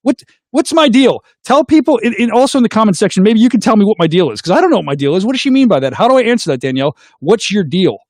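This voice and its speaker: A middle-aged man, hosting a casual call-in show, goofy and excitable, making silly sound effects. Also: high-pitched, very fast, few pauses, no room sound, clean studio sound. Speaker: host of a call-in livestream show.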